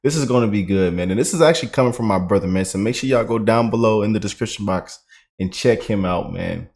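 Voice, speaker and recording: A man's voice: on the low side, fast, vocal fry, darkish tone. A man hosting casual political commentary, folksy, laughing and calling his audience y'all. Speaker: commentary channel host.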